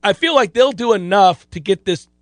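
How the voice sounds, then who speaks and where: A man's voice: high voice, expressive, normal speed, no room sound. A man co-hosting a casual sports betting chat, rambling along with restarts and frequent laughter. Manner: rambling, self-interrupting, laughs often.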